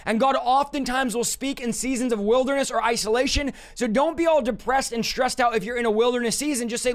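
A man's voice: extremely high pitch, fairly quick, few pauses. A young man preaching a sermon directly to his listeners, with an emphatic manner. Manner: emphatic, direct, addresses listeners as "you guys".

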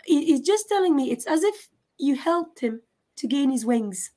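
A woman giving a live mediumship reading, halting and often stopping to check in with questions. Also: high-pitched, lively intonation, dark tone. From France. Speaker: psychic medium.

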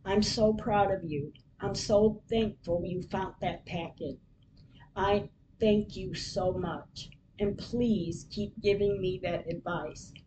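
A middle-aged woman reading her personal diary aloud as a podcast host, in an earnest, heartfelt, unhurried and prayerful way. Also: highs cut off. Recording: distant mic with steady low rumble.

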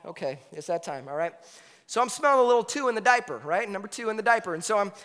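A man in his thirties preaching a sermon, telling a story in a lively, conversational way with lots of asides. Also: high-pitched, quick pace. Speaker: pastor. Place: church hall. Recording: reverberant hall with faint music.

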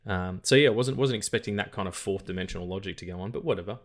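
A man with a fairly low voice talks through films on a podcast in loose, casual chat. He rambles, restarts his sentences often and swears freely, and he gets animated as he goes. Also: quick pace. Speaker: podcast co-host.

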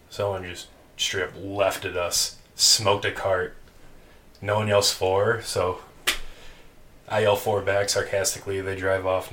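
A man co-hosting a podcast, telling a long story in casual chat, animated and laughing, with casual swearing. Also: low voice. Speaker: podcast co-host. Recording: distant mic with faint noise.

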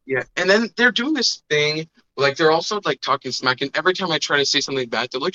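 A man's voice: a little high, lively intonation, quick pace, few pauses, bright, forceful tone. A young man casually telling a long story on a podcast, rambling with fillers and acting out the other people's voices. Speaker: podcast host. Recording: dull lo-fi sound.

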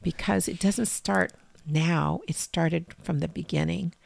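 Gravelly-voiced middle-aged woman telling stories. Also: lowish voice, steady tone, a little slow. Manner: rambling, acts out quoted people in changed voices. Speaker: guest, mother of five. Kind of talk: candid personal storytelling.

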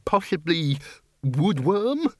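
A man's voice: on the high side, big pitch swings, takes it slowly, darkish tone, dry recording, studio quality, voice pushed up, heavily acted. A man voicing a nervous, stammering wizard bursar who quavers in an audiobook reading. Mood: timid. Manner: hesitant, stammering.

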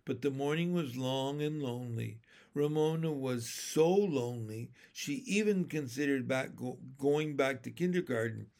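A man narrating a children's chapter book aloud in a steady, gentle storytelling way. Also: mid-range voice, unhurried. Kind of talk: audiobook narration.

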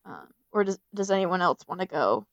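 A woman playing a tabletop game, hesitant with lots of ums and quick to laugh. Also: lowish voice, very animated, gravelly, a bit bright, no echo, dull audio. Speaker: player. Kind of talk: casual tabletop game chat.

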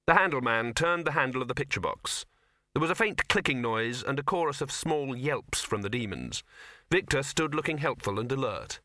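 A man narrating a comic fantasy novel as an audiobook reader, telling it with lively expression. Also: mid-range voice, moderate pace, no echo, clean studio sound.

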